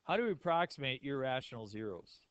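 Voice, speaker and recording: A man's voice: mid-range voice, sing-song, fast talker, a bit bright, clean tone, dry recording, muffled recording. A male math teacher giving a classroom lecture in a casual, joking way and asking the class questions.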